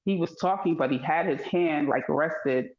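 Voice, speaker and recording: A woman in casual chat, telling stories with animation and acting out dialogue in a higher voice. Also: normal speed. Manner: animated storytelling, acts out dialogue in high voice. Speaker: podcast co-host. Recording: dull echoey room.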